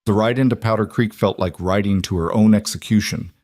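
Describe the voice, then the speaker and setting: Low, dry-voiced male storyteller. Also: fairly quick, a little mellow, no echo. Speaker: narrator. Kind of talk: scripted western story narration.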